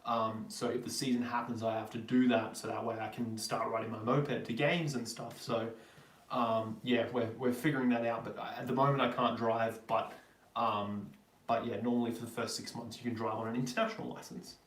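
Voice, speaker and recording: A man's voice: medium pitch, little pitch movement, fairly quick. Australian man in his twenties, roomy and distant. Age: 20s. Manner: chatty and rambling, answering viewers. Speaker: vlogger host. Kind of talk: live-stream Q&A chat.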